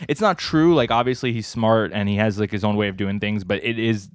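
A man's voice: fairly low pitch, brisk, dry recording, studio quality. A man co-hosting a podcast who chats casually about manga, often laughing and using lots of filler likes. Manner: giggly, with many likes. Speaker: podcast co-host.

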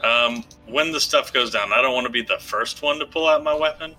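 Male player, sharp bright voice, casual and hesitant. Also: mid-range voice, brisk, rough recording. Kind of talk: casual table talk.

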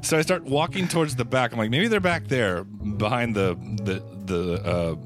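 A man's voice: medium pitch, moderate pace, music in the background. A man co-hosting a podcast, telling a casual story in a rambling way with plenty of fillers. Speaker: podcast co-host. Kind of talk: casual chat.

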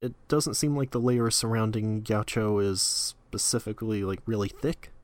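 A man's voice: on the low side, normal speed, dry recording. A man co-hosting a podcast, chatting casually with wry, joking asides. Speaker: podcast co-host. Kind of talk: casual chat recapping an anime episode.

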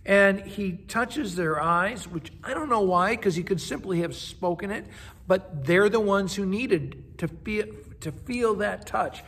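A man's voice: sits high, unhurried, fairly bright tone. A man, a pastor, giving a daily devotional in an earnest, conversational way, sometimes repeating words as he goes.

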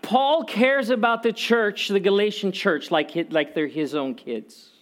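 A man's voice: sits high, a little slow. A man preaching a sermon in a conversational way, telling personal stories with humor and repeating key phrases for emphasis. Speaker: pastor.

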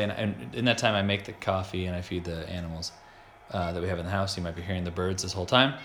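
Chatty young dad hosting a podcast. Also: male voice, lowish voice, fairly bright tone. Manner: chatty, amused storytelling. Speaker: podcast host. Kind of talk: casual chat. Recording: echoey room with faint noise.

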